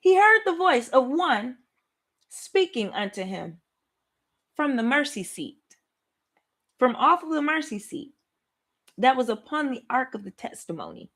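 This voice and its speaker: Lively high-voiced woman leading Bible study. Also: measured pace, pauses often. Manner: animated, laughing, talks to viewers as y'all. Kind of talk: livestream Bible study, excited casual teaching.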